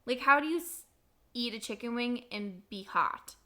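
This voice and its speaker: A young woman co-hosting a podcast, telling a dating story in a chatty, animated way. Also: fairly high pitch, moderate pace. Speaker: podcast co-host. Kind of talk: casual storytelling chat.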